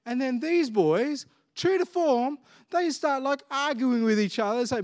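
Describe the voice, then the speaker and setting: A man's voice: very high voice, animated, unhurried. A man preaching a sermon, reading scripture and then talking it through in a conversational way, acting out the disciples' bickering. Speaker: pastor.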